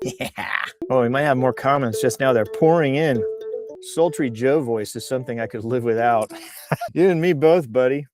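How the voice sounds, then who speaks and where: A man's voice: medium pitch, moderate pace, over music. A man hosting a news show as a casual livestream chat, rambling and joking playfully. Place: outdoors on a bluff while on vacation.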